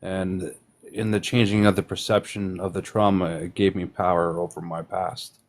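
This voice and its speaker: A man's voice: low-pitched, level tone, moderate pace, vocal fry. A man calling in to a live stream, speaking hesitantly with many fillers.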